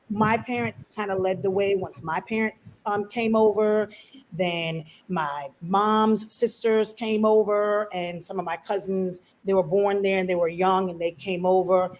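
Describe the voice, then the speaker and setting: Woman panelist, Belizean-American, chatty and animated, lots of fillers. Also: medium pitch, a little slow, poor audio. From United States, Belizean family. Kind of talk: casual panel discussion.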